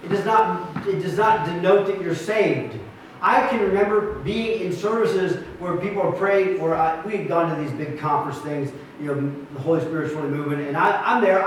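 A man's voice: sits high, slight background noise. A man pastoring a church, teaching his group in an earnest, emphatic way, with many restarts. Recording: echoey room, mic far off.

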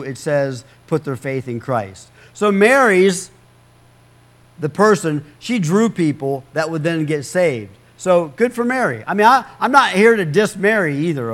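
Male pastor with a slightly high voice, giving a chatty, joking sermon full of restarts. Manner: conversational, humorous asides, repeats words.

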